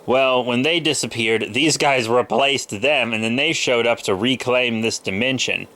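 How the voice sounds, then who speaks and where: A man's voice: medium pitch, measured pace, sharp tone. A man in his twenties, a little sick with a cold, chatting loosely and rambling with lots of fillers as he shows off his comic book haul. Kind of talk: casual haul video chat.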